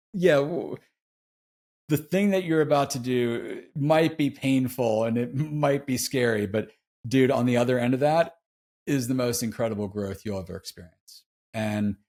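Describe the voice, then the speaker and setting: A middle-aged man telling a personal story as a podcast guest, laid-back and slangy, heartfelt and confessional. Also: mid-range voice. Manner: laid-back, slangy, peppers speech with "dude". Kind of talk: casual interview storytelling.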